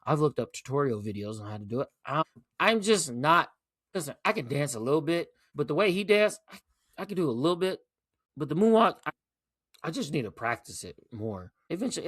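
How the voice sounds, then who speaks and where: Forty-something male host, fairly high lively voice, profane and emphatic casual talk. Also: dry recording, clean studio sound. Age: 40s. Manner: animated, profane, emphatic with rhetorical "right?". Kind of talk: casual commentary monologue.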